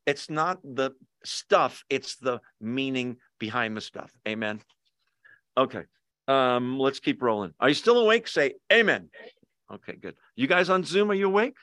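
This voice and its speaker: A man's voice: medium pitch, fairly bright tone, no room sound, studio quality. Joking man teaching a Bible study. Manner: conversational, jokey, asks the audience questions. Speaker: pastor. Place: church hall, with Zoom viewers.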